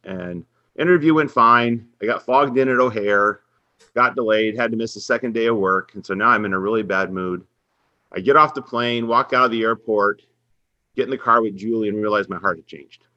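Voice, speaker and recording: A middle-aged man tells a long personal story in an earnest, animated way. His voice sits fairly low but comes across bright and forceful. The recording is dry and a little muffled. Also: moderate pace, no echo. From Minnesota. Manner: earnest, faith-centered storytelling, animated when quoting others. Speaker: head women's basketball coach, guest. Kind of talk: storytelling in a podcast interview.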